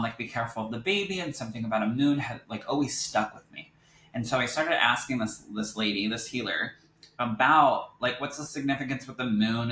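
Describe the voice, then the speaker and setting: A young man, a psychic medium, telling his story in a casual interview and acting out what others said in lively voices, laughing easily. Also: mid-range voice. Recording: echoey room with faint noise.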